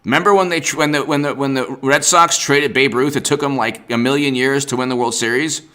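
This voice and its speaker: Bright-voiced sarcastic male livestream host. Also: mid-range voice, steady tone, a little fast, clean tone. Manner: sarcastic, exasperated, mocks opponents in put-on voices, greets chat viewers. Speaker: political commentary host. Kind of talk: livestream political rant.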